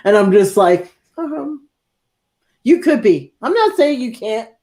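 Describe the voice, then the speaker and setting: A woman's voice: on the high side, slow pace. A woman co-hosting a podcast, speaking emphatically in casual conversation. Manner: emphatic, expressive. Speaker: podcast co-host.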